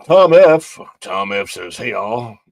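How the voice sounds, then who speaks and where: A man's voice: fairly low pitch, big pitch swings, slow pace, no echo. A man in his forties from St. Louis, hosting a livestream in casual rambling chat, reading out viewer comments with restarts and asides. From St. Louis, Missouri. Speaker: livestream host.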